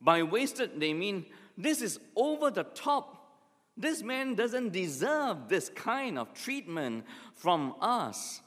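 Animated pastor in a reverberant hall. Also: male voice, fairly high pitch. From Singapore. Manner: animated storytelling with acted asides. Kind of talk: sermon.

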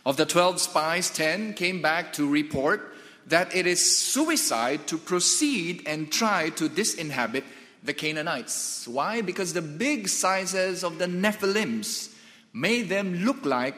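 A man preaching a sermon, deliberate and emphatic, asking rhetorical questions and answering them. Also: high voice, animated, bright, forceful tone, long reverb tail.

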